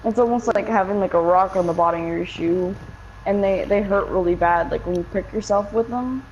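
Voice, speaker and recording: A woman's voice: medium pitch, brisk, a little mellow, slight background noise. A young woman casually telling a story, rambling with lots of fillers and swearing. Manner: rambling, swears a lot, many likes and fillers. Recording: dull lo-fi game-capture audio.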